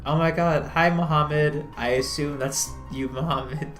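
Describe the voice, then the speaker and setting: A streamer chats casually over a narrative game, laughing, remarking on their own accents, greeting chat, and voicing the innkeeper in a near-natural tone. Their voice is medium-pitched, fairly even, unhurried and a bit bright, in an echoey room with faint music.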